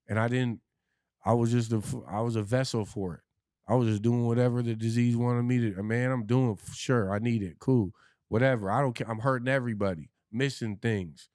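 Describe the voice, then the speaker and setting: A man's voice: mid-range voice, darkish tone, no room sound, clean studio sound. A man, a podcast guest, telling his own story candidly and bluntly, with profanity and frequent restarts.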